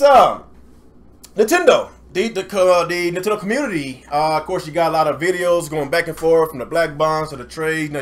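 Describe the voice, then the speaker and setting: Man, high pitch, gaming live stream host, heated profane rant, shout-outs to chat. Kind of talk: ranting live stream monologue.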